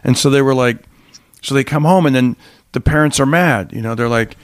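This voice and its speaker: A man's voice: mid-range voice, brisk, no room sound, clean studio sound. A man in casual conversation, animatedly retelling a TV episode and laughing often. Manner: animated storyteller, acts out characters in raised voices, laughs often.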